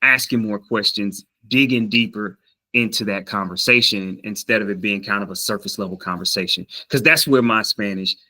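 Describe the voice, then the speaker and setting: Bright-voiced man rambling to camera. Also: lowish voice, moderate pace, poor audio. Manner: rambling, repeats words while thinking. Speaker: vlogger. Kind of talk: casual talk to camera.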